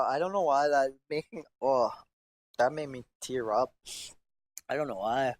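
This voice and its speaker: Slow, rambling man full of fillers. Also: mid-range voice, dry recording. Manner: halting, filler-heavy, slangy, restarts often. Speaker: podcast host. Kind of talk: rambling casual chat.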